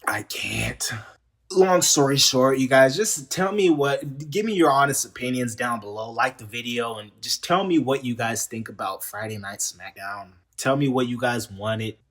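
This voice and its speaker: A man's voice: mid-range voice, moderate pace, few pauses, a bit bright. A man giving a casual, exasperated rant reviewing a wrestling show, sarcastic and heated, often repeating himself. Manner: repeats words and restarts often.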